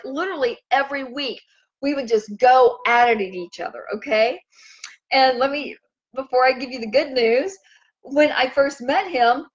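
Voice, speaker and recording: A woman hosting a casual spiritual talk, chatty and rambling, who turns animated when she acts out what others say. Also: fairly high pitch, muffled recording. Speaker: host.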